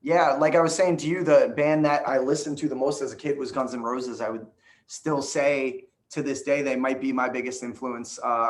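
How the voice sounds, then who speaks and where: A man's voice: medium pitch, a bit bright. A man in his late twenties from New Jersey, a band singer talking earnestly in a casual interview, with a few filler ums. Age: late 20s.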